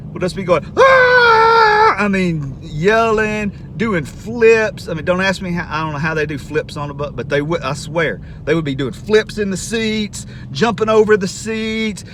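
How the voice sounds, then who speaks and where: Retiree in his 60s, slightly high voice, jokey vlog storyteller, noisy road sound behind. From Southern United States. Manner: animated, jokey, building to loud exclamations. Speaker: retired school administrator and vlogger.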